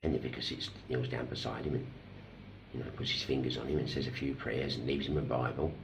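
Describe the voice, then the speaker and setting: Very deep gravelly man. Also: fairly even intonation, background noise. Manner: blunt and self-deprecating, swears, slow deliberate storytelling with pauses. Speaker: recovering addict sharing his story. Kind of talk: candid personal vlog, telling a parable.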